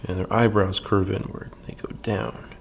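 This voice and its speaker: A library drawing instructor with a deep, gravelly voice guides a slow, patient lesson, speaking low and flat with many pauses and fillers. He sometimes slips into a soft half-whisper while drawing, over a faint hiss of background noise.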